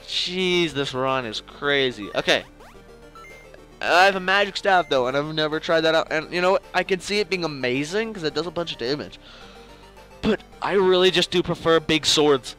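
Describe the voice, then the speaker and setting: A man's voice: on the high side, animated, moderate pace, sharp tone, faint music behind. A young man giving casual, jokey commentary over his own video game play, talking to the enemies on screen. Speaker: gaming channel host.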